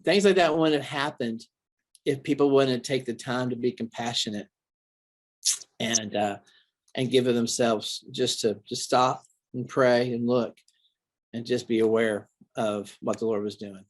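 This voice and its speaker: A male pastor telling stories in an interview, earnest and animated, often restarting his sentences. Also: medium pitch, measured pace. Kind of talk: recalled storytelling interview.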